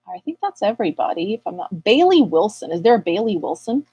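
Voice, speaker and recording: A woman's voice: medium pitch, sing-song, fast talker, hardly any pauses, mellow, breathy edge, no echo, highs cut off. A woman astrologer hosting a live Q&A, chatting playfully and calling out viewers' names while getting over an illness. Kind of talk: casual livestream chat.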